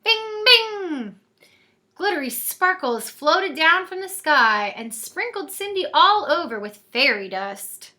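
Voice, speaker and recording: Woman, storybook reader, expressive, high pitch. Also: a little slow, few pauses. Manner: lively, expressive reading voice. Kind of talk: storybook read-aloud.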